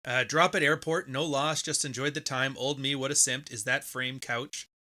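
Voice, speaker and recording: A man's voice: medium pitch, steady tone, normal speed, sharp tone. A man hosting a podcast livestream, talking casually and rambling as he reads out viewer messages on a close microphone. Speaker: podcast host.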